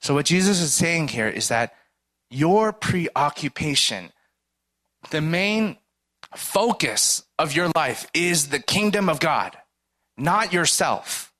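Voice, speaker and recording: A man's voice: a little high, big pitch swings, takes it slowly, pushed and bright. A man giving a sermon in a casual, conversational way, often asking "right?" and acting out little dialogues. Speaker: preacher. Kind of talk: sermon with everyday stories.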